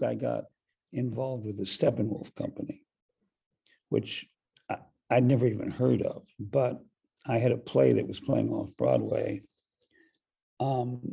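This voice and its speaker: Very raspy, gravelly older man. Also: medium pitch, lively intonation, warm tone. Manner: halting, with many fillers and restarts. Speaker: actor and director. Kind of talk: storytelling interview anecdote.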